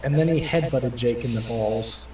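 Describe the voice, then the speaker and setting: In a roomy, distant recording with clear background noise, a tabletop game player rambles through a profane, crude story and acts out the other characters' quoted voices. He has a mid-range, darkish voice at a normal speed.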